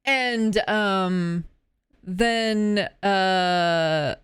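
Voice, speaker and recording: A woman's voice: mid-range voice, extremely slow, clear, resonant tone, no echo, clean studio sound. A woman narrating as game master of a tabletop game, hesitant and full of fillers.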